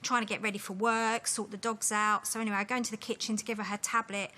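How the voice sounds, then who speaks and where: A woman telling a comic story about herself, in a quick, self-mocking way. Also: medium pitch, level tone. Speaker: audience member telling a story. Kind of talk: comic anecdote. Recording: loud noise behind the voice.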